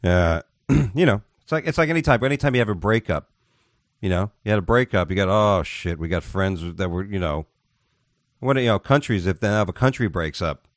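A man's voice: fairly low pitch, lively intonation, a little fast, dry recording, studio quality. A man co-hosting a podcast in casual chat, rambling and joking. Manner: rambling, jokey, puts on silly voices. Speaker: podcast co-host.

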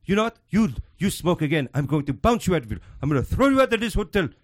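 A man voicing an angry male hotel general manager who shouts threats. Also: very animated, quick pace. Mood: furious. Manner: shrill and threatening.

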